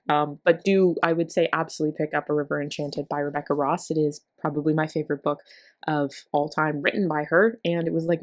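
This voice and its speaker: A woman vlogger chatting casually about her book haul, gushing and rambling with little laughs. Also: deep voice.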